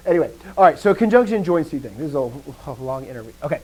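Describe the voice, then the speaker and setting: A man teaching a live grammar lesson, explaining step by step, often answering students with quick affirmations and dry joking asides. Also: fairly high pitch, very animated, darkish tone, slightly rough, low-quality recording. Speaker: language teacher.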